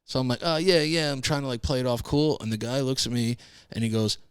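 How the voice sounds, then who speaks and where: A man's voice: mid-range voice, fairly even intonation, fast, clear, resonant tone, no room sound, clean studio sound. A man hosting a podcast, telling a casual rambling story and cursing freely. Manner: rambling, swears freely, laid-back storytelling. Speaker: podcast host. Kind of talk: casual monologue.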